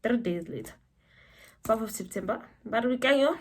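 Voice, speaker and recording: A young South African woman telling a personal story to camera, animated and breaking into high exclamations. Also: moderate pace, noisy background. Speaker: vlogger.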